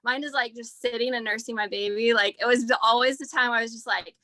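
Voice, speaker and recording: A woman in her thirties, earnest and emotional, talks in a loose, rambling way with lots of "like" and "um." Her voice is fairly high and sharply bright. The sound is close and dry, as on a video call. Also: fairly even intonation, fairly quick, no echo. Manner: rambling, heavy use of "like" and "um". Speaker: speaker at a team leadership training. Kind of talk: casual heartfelt talk.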